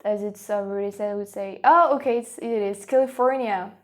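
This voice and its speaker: This vlogger, a woman from France with a French accent, thinks aloud on a casual reaction vlog, restarting often and getting excited in bursts. Her voice is mid-range and brisk.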